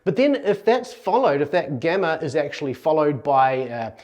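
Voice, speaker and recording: A man's voice: fairly high pitch, normal speed, a little mellow. A man from New Zealand with a New Zealand accent, explaining Greek pronunciation in a conversational video lesson, correcting himself as he goes. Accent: New Zealand English. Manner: earnest, conversational, restarts and self-corrections. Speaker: Greek teacher.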